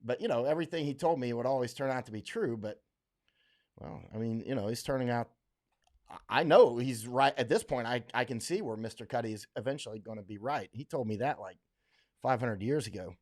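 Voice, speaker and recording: A man's voice: mid-range voice, fairly quick. A middle-aged man from Florida hosting a casual livestream, rambling with many fillers and restarts, blunt and emphatic as he reads viewer comments. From Florida, USA. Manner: blunt, emphatic, laughs often.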